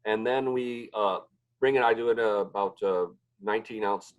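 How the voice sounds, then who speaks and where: A man guesting on a podcast as a pizzeria owner, chatting casually and telling animated stories. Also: on the low side, normal speed, dull audio. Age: adult, married. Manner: animated storyteller, acts out what others said. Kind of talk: casual interview chat.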